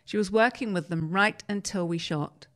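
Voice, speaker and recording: A woman host reading a newspaper interview aloud in a measured, storytelling way. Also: mid-range voice. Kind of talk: reading a magazine article aloud.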